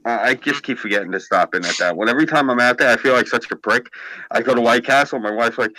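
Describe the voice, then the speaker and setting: A man's voice: medium pitch, fast talker, bright, forceful tone, no room sound, poor audio. A man from Queens, telling rambling, profane stories as a podcast host in casual chat. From Queens, New York.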